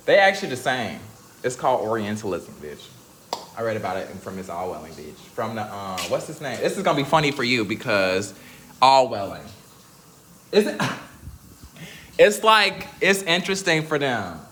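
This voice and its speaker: Sassy animated young man chatting. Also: normal speed, slight background noise. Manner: sassy, animated, slangy, laughs a lot, high squeals. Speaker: vlogger. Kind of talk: casual chat to viewers.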